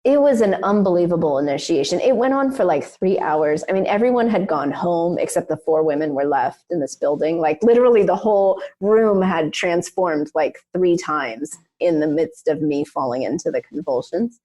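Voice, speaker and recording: A young adult woman, a podcast co-host, telling a personal story in an animated, emphatic way, with many "like"s and "um"s. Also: on the low side, normal speed, few pauses. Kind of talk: personal storytelling in casual conversation.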